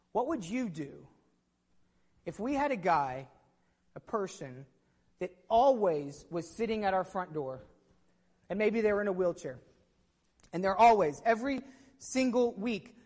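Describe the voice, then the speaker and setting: A woman's voice: mid-range voice, long reverb tail. A woman preaching a sermon to her congregation, telling the story with energy and putting questions to the listeners.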